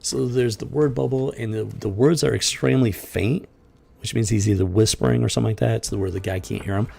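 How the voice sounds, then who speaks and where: A man's voice: on the low side, steady tone, brisk, creaky, darkish tone. A man hosting a comics review show, reading panels aloud and commenting in a sarcastic, exasperated, rambling way.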